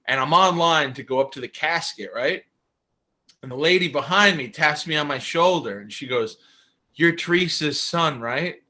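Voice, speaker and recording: A man's voice: on the high side, normal speed. A man co-hosting a podcast, telling a casual anecdote and acting out the people in it. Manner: animated anecdote-telling with acted quotes. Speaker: podcast co-host. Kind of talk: casual storytelling chat.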